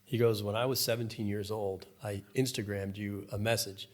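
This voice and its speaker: A man's voice: on the low side, normal speed. A man in his fifties, a professional angler, telling stories in a casual podcast conversation and acting out the people in them. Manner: storytelling, animated, acts out voices. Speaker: guest, professional fly fishing angler.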